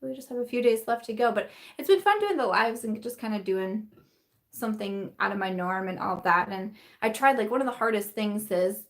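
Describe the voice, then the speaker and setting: A woman's voice: mid-range voice, lively intonation, a little fast. Chatty tired young woman vlogger. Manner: chatty and rambling, with frequent fillers, restarts and laughs. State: tired, yawning. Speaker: beauty vlogger hosting a live chat. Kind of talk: casual live-stream chat.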